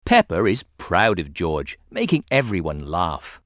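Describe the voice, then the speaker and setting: Slow, lively male storybook narrator. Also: deep voice, no echo, studio quality. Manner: gentle, sing-song storytelling. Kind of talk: scripted children's story narration.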